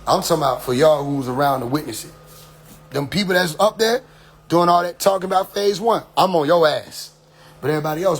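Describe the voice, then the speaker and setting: A man's voice: a little high, slight background noise. Preachy man asking "you see?". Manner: rhetorical questions. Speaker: group leader addressing followers. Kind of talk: impassioned address.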